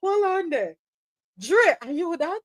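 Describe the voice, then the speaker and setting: A woman hosting a live news chat stream, lively and teasing, calling listeners by name. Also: very high voice, moderate pace, no room sound. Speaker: host.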